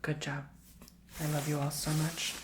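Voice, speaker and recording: A man giving a soft-spoken ASMR tarot reading, gently encouraging the listener and slipping often into a whisper. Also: on the high side, completely flat delivery, a little slow, a little hiss or hum. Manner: affectionate, emotional cheering on the listener. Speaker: tarot reader and ASMR host.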